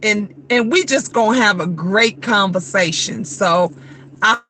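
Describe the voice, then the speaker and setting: A woman's voice: mid-range voice, a little slow, a little hiss or hum. A woman in her fifties chatting frankly and animatedly to her viewers after work, acting out the people she quotes. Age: 50s. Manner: animated, frank and blunt, acts out quoted voices. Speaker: vlogger. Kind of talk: casual chat.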